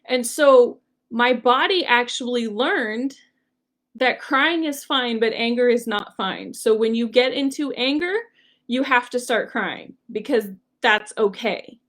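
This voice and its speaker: Chatty higher-voiced woman coach. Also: slow, a bit bright. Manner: chatty, frequent "like" and "um". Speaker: personality coach leading a workshop. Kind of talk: casual storytelling lesson.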